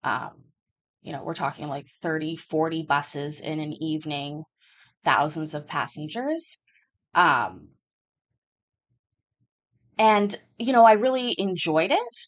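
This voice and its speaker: A woman's voice: low-pitched, lively intonation, slow pace, long pauses. A woman hosting a live chat show, telling work stories in a candid, casual way, swearing freely and using many fillers. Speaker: livestream show host.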